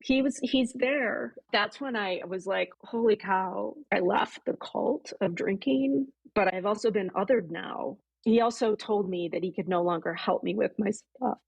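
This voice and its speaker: A woman's voice: mid-range voice, normal speed, creaky, few pauses, slightly rough, dry recording, poor audio. A woman, a podcast guest, earnestly retelling an emotional personal story and voicing her own past thoughts. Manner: earnest, animated retelling with quoted inner thoughts.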